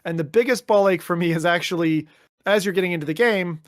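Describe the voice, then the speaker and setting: Animated man co-hosting a podcast. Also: sits high, fast talker, no echo, clean studio sound. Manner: animated, mimics voices, swears casually. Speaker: podcast co-host. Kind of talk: casual chat.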